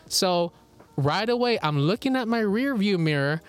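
Male podcast co-host, high-pitched, animated casual storyteller, salty language. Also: normal speed, faint music behind. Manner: animated, swears freely, laughs often. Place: indoor recording with co-host beside him.

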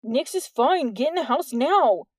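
A woman's voice: high-pitched, animated, a little slow, no room sound, voice pushed up. A woman reading the part of an earnest, worried teenage boy in an audiobook, with urgent, anxious questions.

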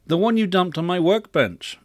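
A man's voice: mid-range voice, lively intonation, moderate pace, no room sound, studio quality, lightly acted. A man voicing God as a weary, exasperated craftsman in his workshop, telling the scene in a raised, emphatic voice. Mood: irritated.

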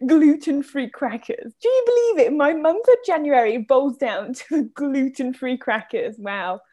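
Bubbly high-voiced young woman podcaster. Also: animated, unhurried, mellow. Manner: bubbly and theatrical, laughs often. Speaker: podcast co-host. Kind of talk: casual chat.

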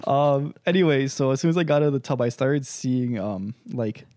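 A man telling stories on a casual podcast, animated and crude, breaking into laughter often. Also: medium pitch, moderate pace, no echo, studio quality. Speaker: podcast co-host. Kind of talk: casual storytelling chat.

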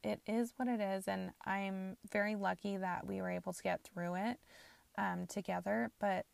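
A woman's voice: medium pitch, steady tone, moderate pace, gravelly, no echo. A woman in her twenties hosting a podcast, telling a personal story candidly with frequent fillers. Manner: candid, frequent fillers, laughs while talking. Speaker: podcast host.

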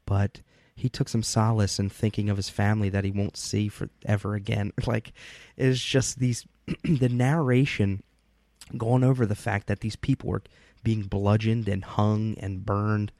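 A man's voice: on the low side, flat delivery, measured pace, darkish tone, dry recording. A man in casual podcast chat, reviewing a comic book in a rambling way, with many fillers and easy laughter. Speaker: podcast co-host.

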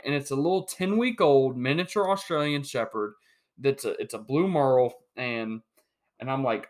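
A young man talks through his solo sports podcast in a lively, joking way, often restarting his sentences. His voice sits in an ordinary middle pitch. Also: normal speed. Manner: animated, joking, with many restarts. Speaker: podcast host.

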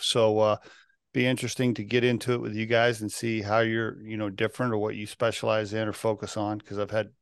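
A man's voice: mid-range voice, creaky, no room sound, studio quality. A man hosting a podcast, talking loosely and rambling with lots of fillers like uh and you know. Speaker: podcast host. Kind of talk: casual interview chat.

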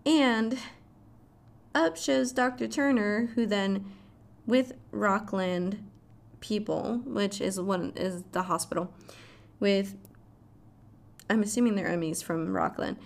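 A woman's voice: medium pitch, creaky. A woman casually recapping a show's plot, swearing freely and adding dramatic asides. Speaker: show recap vlogger.

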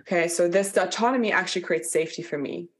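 A woman's voice: lowish voice, quick pace. Chatty woman leading a workshop. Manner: candid, chatty, with frequent "like" fillers and blunt swearing. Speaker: workshop facilitator. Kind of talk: live online workshop talk.

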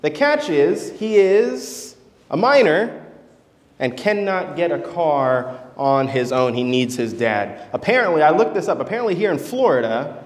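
A man's voice: fairly high pitch, sing-song, a little slow. A man preaching a sermon, telling a story and acting out its voices. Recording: echoey church hall.

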